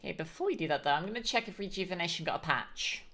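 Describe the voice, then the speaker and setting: Low-voiced woman streamer chatting. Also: animated, racing, bright, forceful tone. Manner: chatty, thinking aloud. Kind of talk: casual game commentary.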